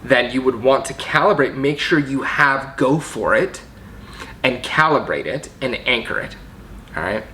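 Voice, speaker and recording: A man's voice: mid-range voice, animated, unhurried, bright, forceful tone, a little hiss or hum. A man teaching a coaching method, explaining step by step and often checking in with "right?". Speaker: coaching trainer. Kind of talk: teaching video.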